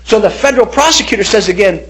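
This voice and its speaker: A middle-aged man, a pastor, telling his personal testimony in an animated way and acting out the voices of people he quotes. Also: high-pitched, fast talker, a little hiss or hum.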